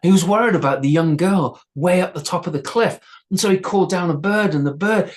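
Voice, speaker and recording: A man's voice: sits high, fairly quick, few pauses. A male storyteller telling a folktale aloud, unscripted, with restarts and repeated words.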